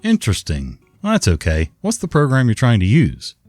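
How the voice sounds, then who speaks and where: A man's voice: mid-range voice, wildly swooping pitch, normal speed, darkish tone, dry recording, soft background music. A man voicing a patient, weary male help-desk worker with polite, scripted phrasing.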